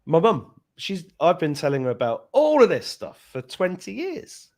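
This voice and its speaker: A man whose voice sits on the high side hosts a podcast at normal speed. His casual, animated storytelling includes acting out how the people he quotes sounded.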